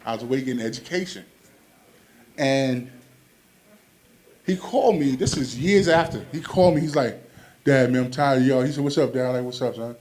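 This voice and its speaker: A man's voice: mid-range voice, lively intonation, a little fast, long pauses, darkish tone. A man doing a stand-up comedy set, telling stories animatedly and acting out quoted voices.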